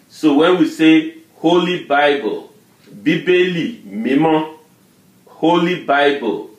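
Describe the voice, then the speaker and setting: Guy teaching words super slow, repeats every syllable, echoey room. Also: on the high side. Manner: drills syllables and tone names, repeating words slowly. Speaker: language teacher. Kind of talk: slow, patient pronunciation lesson.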